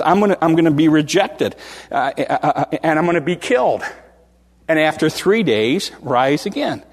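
A man with a somewhat high voice preaches to his congregation in a casual, conversational way. He stumbles, repeats words and restarts his sentences as he explains a passage. His voice rings with the long reverb of a church hall. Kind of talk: informal sermon with Bible teaching.

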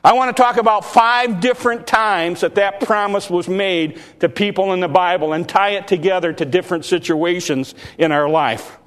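A man with a high voice delivers an earnest sermon from the pulpit, circling back and repeating himself as he builds his points. His words ring out in the long reverb of a church hall. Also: moderate pace, few pauses, fairly bright tone. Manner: earnest preaching with repetitions and restarts. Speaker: preacher.

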